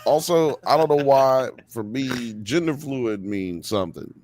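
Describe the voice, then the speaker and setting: A man's voice: mid-range voice, expressive, a little slow, a little mellow, no room sound. A man co-hosting a live podcast who jokes around in a goofy, gross-out way. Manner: goofy and joking, given to gross-out humor. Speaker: podcast co-host. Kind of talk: casual banter on a live podcast.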